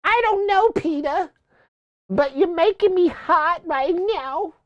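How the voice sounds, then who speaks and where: A man voicing a flirty adult cartoon housewife in a teasing falsetto, recorded with a dull lo-fi sound. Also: slow pace, no room sound.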